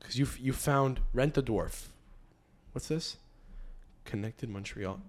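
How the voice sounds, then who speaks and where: A man's voice: mid-range voice, slow pace. A young man hosting a casual podcast from home, rambling and swearing a lot, laughing often between tangents. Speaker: podcast host. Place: home, family upstairs.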